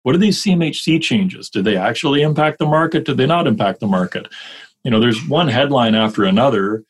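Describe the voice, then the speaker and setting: This man, speaking at a medium pitch with a breathy edge, coaches mortgage brokers during a relaxed podcast conversation. He's energetic and rattles off examples in rapid lists.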